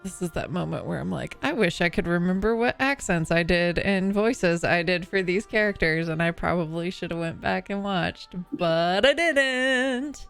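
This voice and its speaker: A woman's voice: on the low side, moderate pace, gravelly, few pauses, soft background music. A woman narrating as game master of a tabletop game, hesitant and full of fillers.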